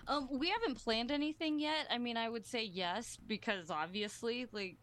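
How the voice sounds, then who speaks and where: A woman's voice: fairly high pitch, normal speed, fairly bright tone. A woman co-hosting a podcast in casual chat, rambling and peppering her talk with "like" and "right?". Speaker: podcast co-host.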